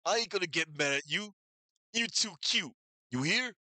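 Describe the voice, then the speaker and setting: A man's voice: high voice, expressive, moderate pace, pushed and bright, pitched above the performer's own voice, heavily acted. A man voicing a menacing male gangster boss with growling, slangy tough-guy threats, while reading a game aloud. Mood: gruff fondness.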